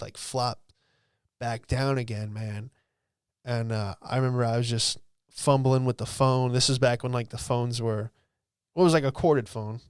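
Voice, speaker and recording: A podcast host in his late twenties from Virginia speaks in a relaxed, rambling storytelling manner, dropping casual curses and "dude" throughout. His voice is smooth and clear, at an ordinary pitch for a man, recorded close and dry with no room sound. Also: no echo. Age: late 20s. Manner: laid-back, swears freely, peppered with "dude" and "like".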